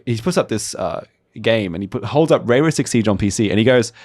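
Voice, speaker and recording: A young man co-hosting a podcast, telling stories in a casual, animated way and acting out the people in them. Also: lowish voice, brisk, no room sound. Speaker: podcast co-host. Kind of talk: casual storytelling chat.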